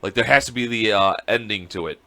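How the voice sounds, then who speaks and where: A man's voice: lowish voice, fairly quick. A man in his thirties, co-hosting a podcast over a video call, telling crude stories and acting out voices. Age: 30s. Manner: animated, crude storytelling with voices for his child. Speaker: podcast co-host. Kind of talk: casual chat.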